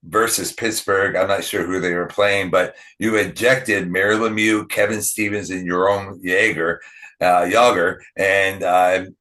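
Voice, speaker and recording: Deep, bright-voiced podcast host. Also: male voice, steady tone, unhurried. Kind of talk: interview questions.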